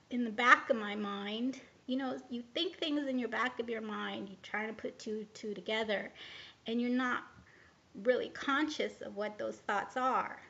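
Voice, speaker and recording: A woman's voice: fairly high pitch, gravelly, sharp tone, dull audio. A woman telling a personal story in a casual vlog, rambling and candid with many hesitations. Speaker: vlogger.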